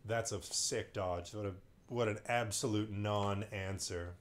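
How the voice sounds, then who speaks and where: A man's voice: on the low side, fairly even intonation, a little slow, a little hiss or hum. A man reading a bedtime story aloud on a livestream, breaking in with playful, wry asides. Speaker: storyteller host.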